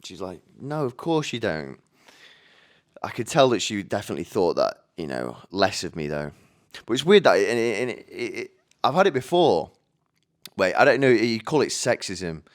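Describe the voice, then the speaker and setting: A man talks on his own into a microphone, in a lowish voice that stays smooth and clean. He rambles casually, often restarting his sentences and swearing now and then. It sounds like a relaxed solo podcast. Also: moderate pace. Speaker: podcast host. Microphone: studio microphone.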